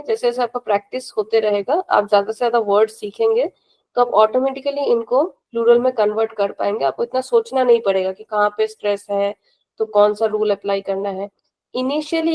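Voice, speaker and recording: A woman teaches an online class in a slightly raised voice. She is patient and methodical, going over each rule again and asking students whether it is clear. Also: on the high side, darkish tone, low-quality recording. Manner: patient, repeats rules and checks understanding. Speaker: language teacher. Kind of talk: live online class instruction.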